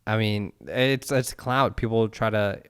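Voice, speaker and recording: A man's voice: fairly low pitch, steady tone, measured pace, clean tone, no echo, studio quality. A man co-hosting a podcast, agreeing often and telling a story casually. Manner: agreeable, lots of yeahs, storytelling. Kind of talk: casual chat.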